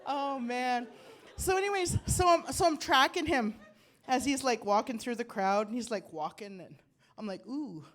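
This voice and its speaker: Brief: older woman comic, higher-pitched voice, rambling self-mocking stand-up, coughing, handheld mic on stage. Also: moderate pace. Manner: rambling, self-deprecating, laughs at own jokes. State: coughing from bronchitis. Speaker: stand-up comedian. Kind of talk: stand-up comedy set. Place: comedy club stage.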